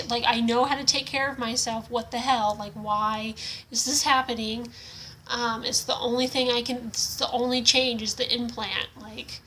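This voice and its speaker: Young woman vlogger, frank and frustrated, bright tone, filler-heavy casual delivery. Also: on the high side, slight background noise, poor audio. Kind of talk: casual testimonial vlog.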